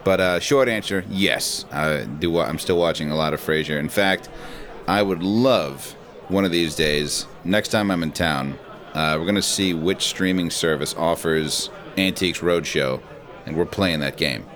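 A man's voice: low voice, a little slow, a bit bright. A man co-hosting a podcast in casual chat, swearing freely and laughing often. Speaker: podcast co-host.

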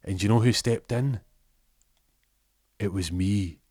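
A man's voice: on the low side, takes it slowly, darkish tone, no echo, studio quality. A man voicing a smug, scheming male gangster who taunts his rival. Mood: gloating. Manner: gloating, taunting.

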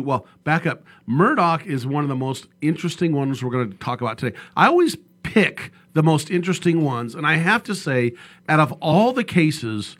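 A man hosting a legal radio talk show in a studio, chatting casually and joking, rambling with fillers and self-corrections. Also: mid-range voice.

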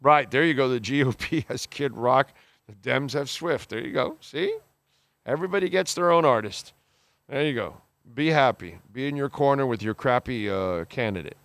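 A man's voice: medium pitch, lively intonation, fairly bright tone, no room sound. A man hosting a podcast, reading listener comments and reacting in blunt, exasperated casual chat, swearing freely and restarting his sentences. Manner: halting restarts, many fillers.

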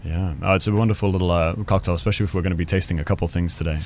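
A man's voice: low-pitched, steady tone, racing, slight background noise. A man on a podcast talking enthusiastically about a cocktail and his brand. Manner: enthusiastic, promotional. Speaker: brand ambassador guest. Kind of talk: casual chat.

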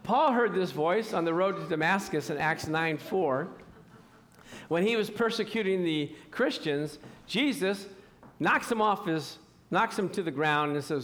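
A man preaching a sermon, animated and acting out scripture scenes as he teaches. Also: high-pitched, unhurried.

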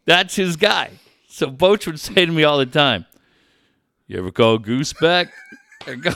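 A middle-aged man telling radio stories in casual chat, animated and profane, laughing often. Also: on the high side, unhurried, creaky.

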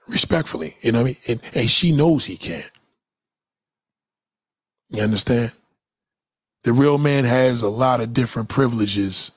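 A man's voice: fairly low pitch, husky, dry recording. A man in a blunt, crude rant full of swearing, speaking in a preachy tone. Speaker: commentator. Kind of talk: profane rant.

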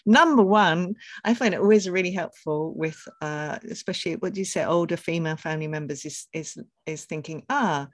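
A woman's voice: on the low side, fairly quick, hardly any pauses, no room sound. A woman co-hosting a conversational podcast, talking expressively and laughing between thoughts. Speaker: podcast co-host.

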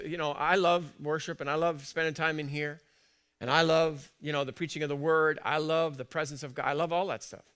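A pastor preaches a sermon in a church, chatty and full of questions for the congregation, shifting between soft asides and loud, emphatic lines. His voice is on the high side.

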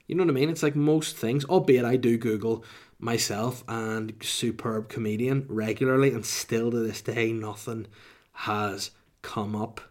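A man's voice: medium pitch, steady tone, measured pace. A young adult man with a Northern Irish accent, a comedian ranting to camera in a rambling, sweary way full of asides.

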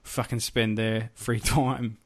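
A man co-hosting a podcast, talking in an animated, casual way and swearing freely as he acts out scenes. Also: mid-range voice, slow. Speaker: podcast co-host. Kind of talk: casual chat.

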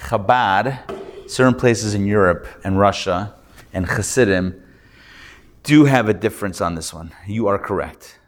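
A male rabbi teaches a Hebrew reading class recorded live in a room, patiently sounding out syllables and repeating them. His voice is lowish and his pace a little slow.

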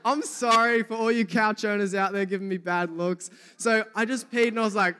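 A man's voice: high voice, fairly quick, hardly any pauses, clear, resonant tone, big-room sound. A young man with a New Zealand accent, preaching a sermon and telling funny stories to the congregation. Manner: lively storytelling, jokes with the congregation. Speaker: youth pastor.

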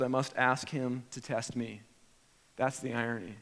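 A man delivering a sermon in a mid-pitched voice that carries a long reverb, as from a large hall. He is animated, often acting out imagined prayers with sudden jumps in pitch and loudness, then dropping back to a low, quiet tone. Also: a little slow. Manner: animated, acts out imagined prayers with sharp rises in pitch and volume. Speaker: pastor.

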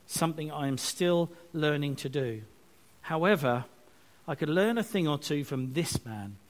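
A man giving a lively, chatty sermon with asides and self-mocking jokes. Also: fairly high pitch, unhurried. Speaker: preacher. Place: church service, streamed online.

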